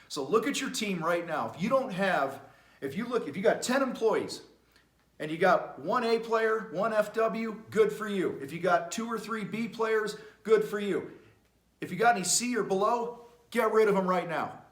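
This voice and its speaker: A middle-aged man coaching contractors in a blunt, profane, high-energy way. His voice is bright and forceful and sits a little high. The room around him is echoey. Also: animated, moderate pace. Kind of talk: motivational talk to camera.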